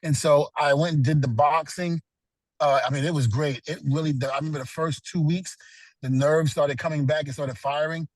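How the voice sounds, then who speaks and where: A middle-aged man talks as an interview guest, relating personal stories earnestly and peppering them with "you know." His voice sits a little high for a man. The sound is dry and close. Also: fairly even intonation, normal speed, no room sound, low-quality recording. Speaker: guest, retired pro wrestler. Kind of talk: casual interview.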